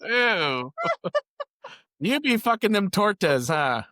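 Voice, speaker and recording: A man's voice: mid-range voice, animated, moderate pace, fairly bright tone, no room sound, studio quality. A man co-hosting a podcast, trading crude, laughing banter in casual chat. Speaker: podcast co-host.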